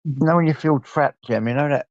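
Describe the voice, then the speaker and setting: An older Englishman hosts a late-night livestream, rambling, greeting viewers by name, and swearing freely. He speaks briskly at a fairly high pitch with no echo, though the stream audio is dull and lo-fi.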